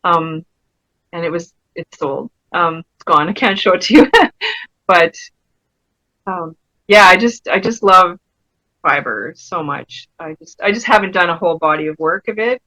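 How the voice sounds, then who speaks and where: A woman's voice: on the low side, measured pace, long pauses, pushed and bright, no echo, low-quality recording. A woman, an artist talking in a casual interview, enthusiastic and chatty, laughing often as she tells stories. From Saskatchewan, Canada. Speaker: fibre artist and pastelist, interview guest.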